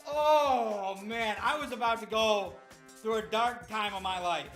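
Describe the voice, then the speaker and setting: A man's voice: high-pitched, unhurried, a bit bright, faint music behind. A young man raging and swearing while commenting on his own gameplay, breaking into wild cackles. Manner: screaming, swearing and cackling at the game. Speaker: gamer.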